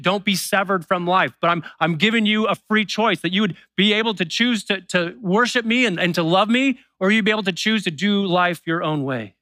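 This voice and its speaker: A pastor delivers a sermon in a relaxed, conversational style, voicing believers' doubts through quick asides. His voice sits fairly high, and the recording has no echo.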